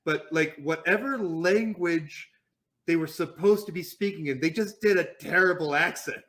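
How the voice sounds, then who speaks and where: A man's voice: a little high, normal speed, a bit bright. A man co-hosting a casual podcast chat, telling long rambling stories and laughing easily. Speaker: podcast co-host.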